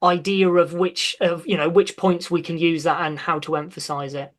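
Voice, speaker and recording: A man's voice: fairly high pitch, little pitch movement, normal speed, fairly bright tone. A man hosting a casual podcast discussion, speaking thoughtfully and with some hesitation as he searches for words. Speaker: podcast host.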